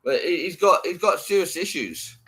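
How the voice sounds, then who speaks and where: A man's voice: high voice, normal speed. A man vlogging, commenting on a clip in a profane, mocking, rambling way. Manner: mocking, sweary, animated.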